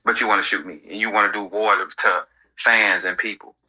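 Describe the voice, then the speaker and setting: A man hosting casual commentary, telling stories in an animated, profane way. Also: fairly low pitch, a little fast, breathy edge, muffled recording. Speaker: host.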